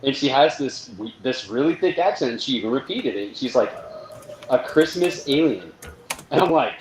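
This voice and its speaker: A man's voice: medium pitch, lively intonation, fairly quick. A man, co-host of the show, telling a funny story in casual chat and acting out both sides of it. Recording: echoey room with faint noise.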